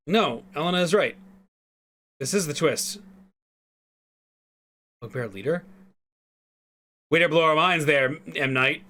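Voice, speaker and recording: A man's voice: a little high, unhurried, pauses often, sharp tone. A man playing through a visual novel, giving wry, joking commentary. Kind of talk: let's play commentary.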